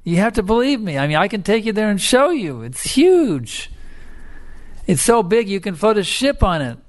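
A man voicing an excitable, curious young male frog in a spoken fable, talking in a breathless, insistent way. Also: fairly high pitch, normal speed. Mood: excited.

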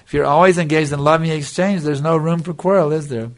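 An older man with a gravelly, fry-edged voice delivers a devotional lecture. He teaches earnestly, circling back to his points and checking in with his listeners. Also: fairly high pitch, fairly even intonation, quick pace. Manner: earnest, repeats "you see", answers questions. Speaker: spiritual teacher.

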